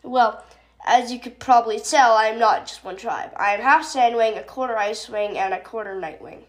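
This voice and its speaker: A woman's voice: a little high, normal speed, close to an everyday voice. A woman voicing a shy young female dragon student in her storybook, speaking earnestly.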